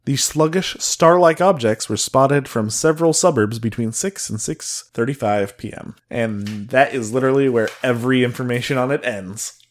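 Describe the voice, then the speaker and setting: A man reads a strange old story aloud on a casual comedy podcast. He reads at an ordinary pitch and keeps breaking off to crack jokes. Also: normal speed, few pauses. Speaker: podcast host reading a paranormal story.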